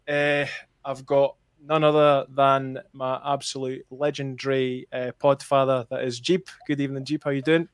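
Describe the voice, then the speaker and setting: A man hosts a podcast in an even, flat-toned voice, measured and somber, pausing often with fillers. His voice sits at a middling pitch and sounds dry and close, with little room to it. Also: clear, resonant tone, no echo. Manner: measured and somber, with many hesitations. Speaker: podcast host. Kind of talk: casual podcast chat.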